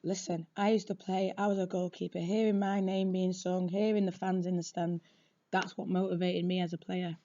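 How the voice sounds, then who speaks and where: A woman football supporter telling a casual story in a chatty, lively and blunt way, on a dull lo-fi recording. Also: lowish voice, moderate pace.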